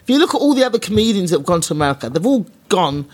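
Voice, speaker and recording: A woman's voice: on the low side, big pitch swings, very fast, a little mellow. A woman stand-up comedian in casual chat, talking bluntly with plenty of swearing. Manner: blunt, sweary, self-deprecating.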